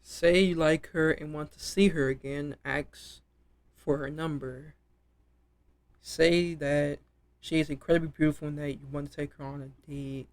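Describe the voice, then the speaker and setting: A man's voice: fairly high pitch, fairly even intonation, measured pace. A man casually commenting while playing a dating game, reading choices aloud and judging them. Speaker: gaming streamer.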